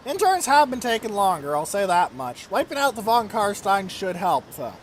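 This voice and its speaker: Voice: medium pitch, sing-song, moderate pace, a little hiss or hum. A let's-play host giving casual gameplay commentary in a chatty, wry way, now and then breaking into incredulous repeated questions.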